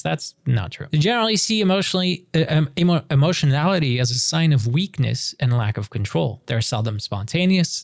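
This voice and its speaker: A man streaming, reading his personality test results aloud with quick asides and the odd stumble over a word. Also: medium pitch, gravelly, dry recording.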